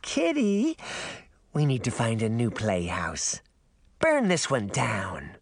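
A man's voice: mid-range voice, wildly swooping pitch, takes it slowly, creaky, slightly rough, no room sound, exaggerated voice. A man voicing a demented little girl who shrieks and talks in a sing-song way, in an audiobook. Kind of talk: audiobook character voice.

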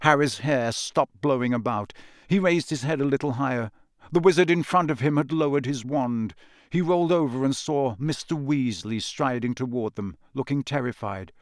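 A man narrating a fantasy storybook in a dramatic, expressive reading. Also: medium pitch, moderate pace, dry recording, studio quality. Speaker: audiobook narrator.

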